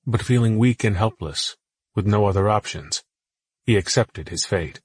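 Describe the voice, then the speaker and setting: Guy reading an audiobook, husky and kinda low, slow and solemn, dry sound. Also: no echo. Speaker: audiobook narrator. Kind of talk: scripted audiobook narration.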